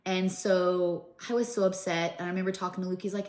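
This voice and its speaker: A middle-aged woman recounts her story to camera in an earnest, emotional vlog. Her voice sits a little low, and she often stops and restarts. The room has a noticeable echo. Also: little pitch movement, a little fast, hardly any pauses, darkish tone. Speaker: vlogger.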